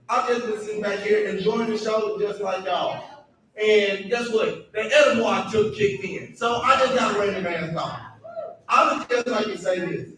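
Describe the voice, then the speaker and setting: High-voiced crude stand-up man in echoey club. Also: fairly bright tone. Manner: crude, rambling, and conversational, often addressing the crowd. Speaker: comedy show host. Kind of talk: stand-up comedy. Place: comedy club stage. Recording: echoey club room picked up from a distance.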